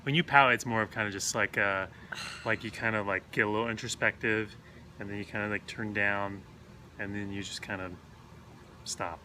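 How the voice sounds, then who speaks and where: A man's voice: lowish voice, steady tone, moderate pace, bright, forceful tone, slight background noise. A young man co-hosting a casual chat show with his wife, talking in an easygoing, hesitant way full of "like" and "kinda". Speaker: podcast co-host. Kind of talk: casual live-stream chat.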